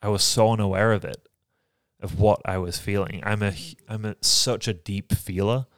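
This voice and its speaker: A man from England, co-hosting a podcast and talking candidly about his life in a reflective, halting way. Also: lowish voice, steady tone, no echo, studio quality. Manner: reflective, halting, soft-spoken. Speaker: podcast co-host. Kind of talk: candid personal conversation.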